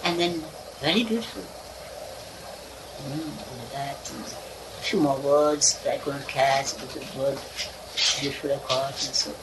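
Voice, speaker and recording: A woman's voice: rumbling low, unhurried, long pauses. A woman telling a personal story from her childhood in a casual, meandering way, often laughing between lines. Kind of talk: casual spoken reminiscence. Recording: distant mic with clear background noise.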